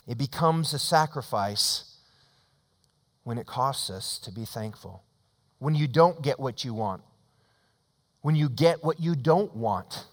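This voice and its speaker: A middle-aged man preaching in a church, his voice carried by a long, ringing reverb. He tells his story with dramatic swings, rising to loud emphasis and then falling to a hushed, close tone. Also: mid-range voice, expressive, takes it slowly, long pauses. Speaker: pastor. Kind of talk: sermon. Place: church sanctuary.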